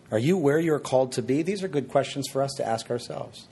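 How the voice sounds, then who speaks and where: A man preaching a sermon, expressive and full of rhetorical questions with shifting emphasis. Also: medium pitch, fairly quick, gravelly, hardly any pauses, slight background noise.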